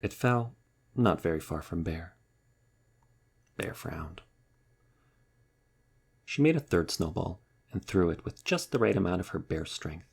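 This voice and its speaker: A man reading a children's storybook aloud in a wry, lively storytelling manner. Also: low-pitched, measured pace, vocal fry, pauses often, husky. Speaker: narrator.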